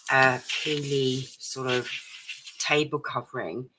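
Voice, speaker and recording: A woman chatting through a craft live stream at her home desk, a little croaky and out of breath, with lots of ums. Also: a bass voice, steady tone, slow pace, background noise. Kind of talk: casual craft chat.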